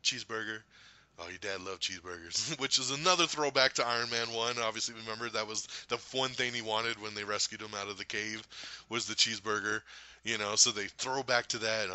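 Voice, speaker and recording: A man hosting a casual podcast movie review, excited and swearing often, breaking into laughs. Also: fairly low pitch, a little fast, clean tone, dry recording. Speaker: podcast host.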